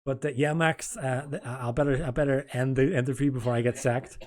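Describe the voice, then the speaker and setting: A man's voice: mid-range voice, fairly even intonation, brisk, a little mellow. A man hosting a live online stream, talking in a loose, rambling way. He corrects himself mid-sentence, drifts off topic and jokes with his guests. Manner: rambling, self-correcting, jokey. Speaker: stream host and interviewer. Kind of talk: casual live-stream interview.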